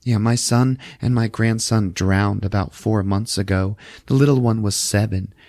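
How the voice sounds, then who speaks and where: A man voicing a sweet older woman who is gentle and consoling, kind and a little apologetic. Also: lowish voice, fairly even intonation, moderate pace, no room sound, clean studio sound, natural voice. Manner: kind, eager, slightly apologetic.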